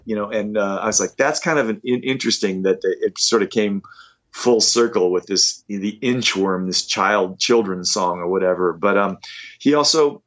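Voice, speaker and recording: Guy in his 50s swapping rock stories, kinda low voice, dull lo-fi sound. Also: moderate pace. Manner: animated, self-deprecating anecdotes. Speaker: rock musician guest. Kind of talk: casual interview storytelling. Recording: dull lo-fi audio.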